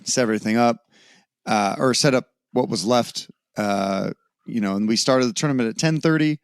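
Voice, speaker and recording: A man's voice: medium pitch, moderate pace, clean tone, no echo. A man with a mid-range voice co-hosts a tabletop gaming podcast. He rambles easily, restarts his sentences and throws in the odd swear word. The sound is dry and close. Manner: loose, rambling, swears casually. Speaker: podcast co-host. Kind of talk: casual chat.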